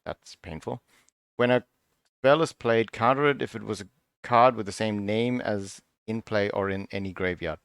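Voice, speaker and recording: A man's voice: on the low side, moderate pace, creaky, fairly bright tone, clear, resonant tone, no echo, clean studio sound. A man hosting a casual card review, thinking aloud in a musing, half-sarcastic way, often breaking off and restarting. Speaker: card review channel host.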